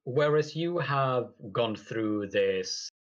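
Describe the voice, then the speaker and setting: A man narrating a tabletop game as game master, slow and halting with many fillers. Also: mid-range voice, expressive, muffled recording.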